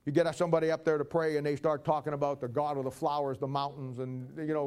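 A man's voice: a little high, quick pace, few pauses, darkish tone. A man preaching a folksy, conversational sermon and acting out Bible stories.

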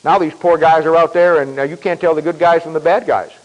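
A man preaching a sermon in a folksy, emphatic way, repeating himself and clearing his throat often. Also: fairly high pitch, steady tone, fairly quick, rough recording.

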